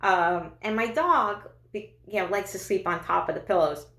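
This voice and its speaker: A woman's voice: mid-range voice, normal speed, fairly bright tone, reverberant. A woman doing a stand-up comedy monologue, chatty and self-deprecating, with lots of fillers and restarts.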